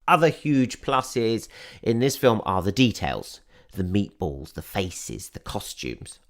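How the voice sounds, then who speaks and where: A man hosting a film podcast, giving a chatty, enthusiastic and wry review. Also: fairly low pitch. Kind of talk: scripted film review and interview intro.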